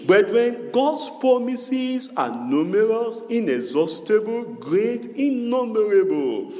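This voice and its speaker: A man's voice: high-pitched, very animated, a little slow, dark tone. A man preaching a sermon as pastor, repeating phrases and calling out to the congregation in a sing-song cadence. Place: church hall. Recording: echoey church hall, long reverb.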